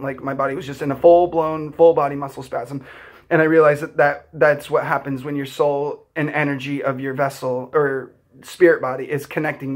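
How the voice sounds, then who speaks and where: A young man vlogging, telling a personal story in an earnest, heartfelt, rambling way full of "like" fillers. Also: a little high. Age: young adult.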